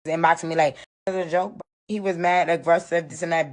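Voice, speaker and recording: A woman's voice: fairly low pitch, brisk, a little mellow. A woman recounting an ordeal on a live video, upset and insistent, repeating her points.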